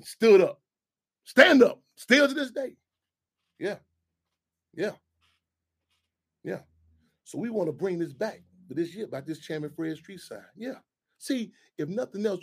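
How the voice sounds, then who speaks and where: A man hosting call-in radio talk, animated and profane, rambling with frequent restarts and repeated words. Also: sits high, slightly rough. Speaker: radio show host.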